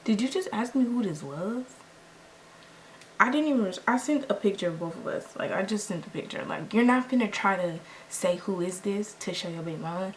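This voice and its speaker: Young woman, beauty vlogger, casual storytime, slangy and lively, faint noise floor. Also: medium pitch, a little fast, rough recording. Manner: animated, slangy, acts out quoted lines. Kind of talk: casual storytime while doing makeup.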